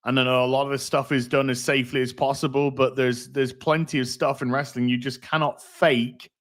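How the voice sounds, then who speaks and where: A man's voice: medium pitch, little pitch movement, a little fast. A middle-aged man hosting a casual livestream, rambling, reading out donations and swearing freely. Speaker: livestream host.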